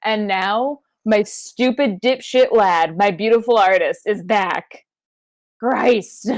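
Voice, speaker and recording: A woman's voice: medium pitch, takes it slowly. A woman co-hosting a wrestling podcast, recapping matches in casual chat with playful wordplay and frequent swearing. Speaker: podcast co-host.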